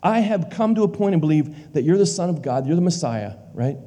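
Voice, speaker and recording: Preacher guy, slightly high but dark mellow voice, repeats stuff for emphasis, big echoey church hall. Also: animated, a little fast. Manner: emphatic, repeats lines for weight, drops to a hush for key words. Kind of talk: sermon. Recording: long hall reverb.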